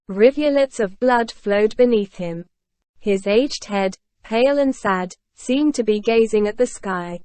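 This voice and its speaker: A woman's voice: medium pitch, dry recording. Woman reading a classic novel, dry. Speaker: audiobook reader. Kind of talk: scripted narration.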